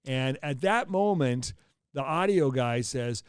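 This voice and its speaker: A man in his sixties, a meteorologist hosting a podcast, telling stories in a casual, animated way and often checking in with "okay?". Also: mid-range voice, slow pace, clean tone, no echo, clean studio sound. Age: 60s. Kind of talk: casual storytelling chat.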